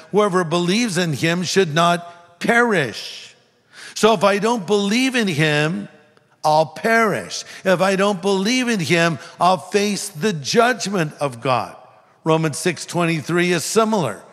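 Guy preaching a sermon, kinda high voice, big echoey hall sound. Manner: earnest preaching, acts out a street preacher's yelling. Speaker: pastor. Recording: long hall reverb.

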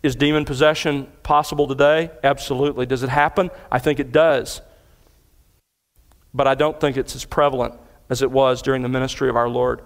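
A man's voice: medium pitch, steady tone, a little fast. A male pastor preaching an expository sermon in an earnest tone that builds in intensity as he retells events. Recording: long reverb of a large hall.

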